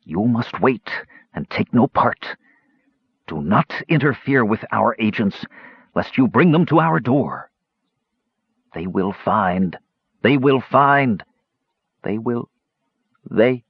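A man puts on an eerie disembodied voice from a cursed ring that hisses and thunders with slow, commanding menace. The sound is husky and dry, with a dull lo-fi tone, and its pitch swoops widely from phrase to phrase. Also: animated, no room sound, exaggerated voice. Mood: ominous.

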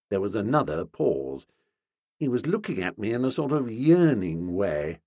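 A man narrating a comic novel in a wry, animated manner, recorded close on a studio mic. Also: on the low side, moderate pace, dry recording. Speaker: audiobook narrator.

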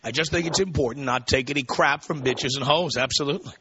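A man's voice: medium pitch, fast, background noise. A man hosting a talk radio show, brashly mocking callers and reading listener emails aloud. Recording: dull lo-fi radio broadcast.

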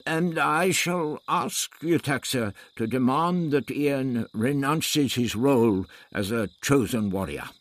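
A man's voice: mid-range voice, takes it slowly, hardly any pauses, voice pushed up, natural voice. A man voicing an elderly male doctor who speaks dryly and sardonically. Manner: dry, sardonic.

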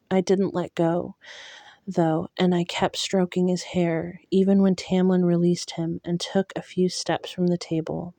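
A woman reading a fantasy novel aloud in a soft, unhurried and emotional way. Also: on the low side, dry recording. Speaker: audiobook reader.

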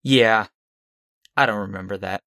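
A man's voice: lowish voice, a little slow, bright, forceful tone, no echo, clean studio sound. A man co-hosting a film podcast, giving frank opinions in a rambling, casual way. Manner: rambling, frank, with short laughs. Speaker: podcast co-host.

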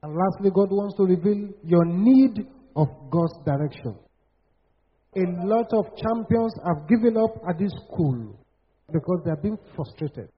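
Man preaching, husky, high. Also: expressive, measured pace. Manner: declamatory, rising to shouted prophetic chanting. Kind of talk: sermon. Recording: dull lo-fi sound.

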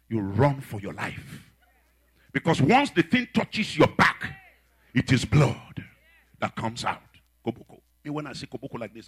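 A man preaching a sermon, swinging between shouted, chanted refrains and low, quiet storytelling. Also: slightly rough.

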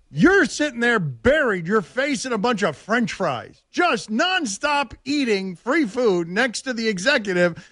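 High lively guy host, teasing, laughing a lot, dry close sound. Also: no room sound. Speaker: show host. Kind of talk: casual chat.

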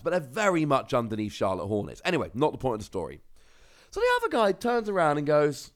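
A young man from Cornwall with a British accent, hosting a casual solo podcast and telling rambling stories full of asides. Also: on the high side. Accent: British English. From Cornwall, England. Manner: chatty, rambling storyteller with asides. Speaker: podcast host.

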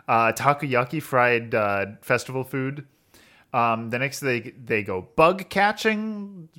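A man co-hosting a casual podcast, rambling through a plot summary with lots of fillers and quick laughs. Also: mid-range voice, pushed and bright. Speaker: podcast co-host.

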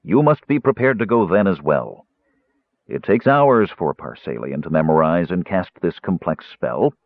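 A man voicing a stern, measured male mage who speaks coolly and with authority, on a tinny, dry recording. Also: low voice, animated, dry recording. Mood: firm. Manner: cool, deliberate, authoritative.

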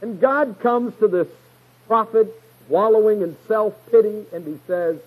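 A man's voice: sits high, unhurried, slightly rough, phone-quality sound. A man teaching verse by verse through a Bible passage, stressing key words emphatically and retelling the stories in a folksy way.

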